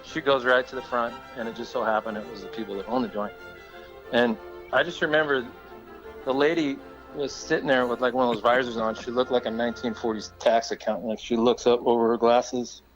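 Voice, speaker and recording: A man's voice: mid-range voice, fairly even intonation, a little fast, faint music behind, poor audio. A man calling in to tell a funny story, laughing as he goes and acting out the people in it. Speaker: caller. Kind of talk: animated storytelling.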